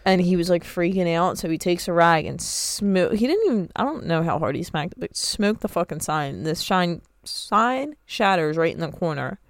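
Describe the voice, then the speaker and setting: A woman's voice: lowish voice, lively intonation, moderate pace, hardly any pauses, dry recording. A woman co-hosting a podcast, dry and sarcastic, swearing casually in chat. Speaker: podcast co-host.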